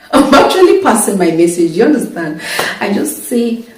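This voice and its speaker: A woman's voice: on the high side, slight background noise. A married woman giving casual marriage advice to camera, earnest and checking in with "okay?" after nearly every point. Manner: earnest, repeats "okay?" often. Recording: echoey room, distant mic, faint music.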